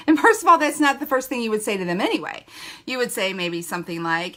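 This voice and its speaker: Lady doing a live sales team training, kinda high bright voice, chatty and jokey, laughs a lot. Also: expressive, fairly quick. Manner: chatty and playful, laughs often, acts out little quotes.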